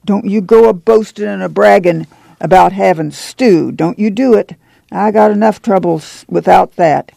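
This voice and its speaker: Brief: male narrator as a bristling, proud mother, cold and clipped, gravelly, dry. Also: sits high, normal speed, no echo, heavily acted. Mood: cold angry. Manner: cold, sharp rural speech. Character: proud, angry poor mother.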